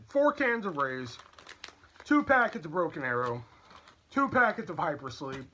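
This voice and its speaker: Candid male vlogger, slightly high and crisp-toned, chatty and loose. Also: sharp tone. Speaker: YouTube channel host. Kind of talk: casual product review and haul vlog.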